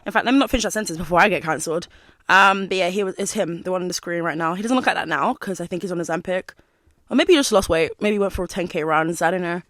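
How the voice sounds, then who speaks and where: A woman's voice: on the low side, quick pace, a bit bright. A woman, gossiping in a rambling, sassy commentary style with lots of fillers. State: out of breath. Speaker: commentary vlogger.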